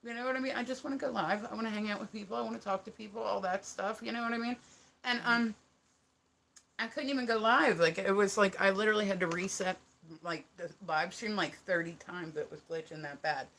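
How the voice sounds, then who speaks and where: A woman's voice: medium pitch, brisk, gravelly, fairly bright tone, slight background noise. A woman with a New Jersey accent chatting casually on a livestream, rambling, laughing often and swearing casually. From United States. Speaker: live streamer. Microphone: phone.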